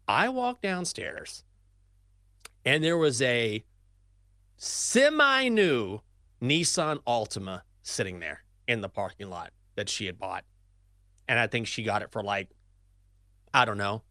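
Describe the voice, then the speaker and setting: A man's voice: on the low side, pushed and bright, no echo, clean studio sound. A man in his forties, co-host of a sports betting podcast, telling a story in a casual, laughing way.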